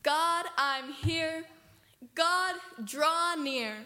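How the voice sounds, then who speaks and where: A woman's voice: extremely high pitch, steady tone, very slow, bright, forceful tone, full character voice. An actress playing an earnest young woman who recites a clumsy rhyming prayer in a solemn, sing-song way, in a comedy sketch.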